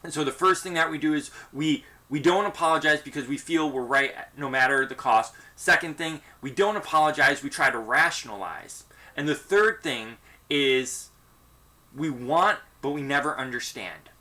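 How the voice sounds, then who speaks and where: A man's voice: a little high, lively intonation, normal speed, sharp tone. A man, a pastor leading a church discussion group, giving an earnest, conversational teaching talk and acting out sample apologies. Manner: earnest, conversational, acts out sample apologies, frequent "you know".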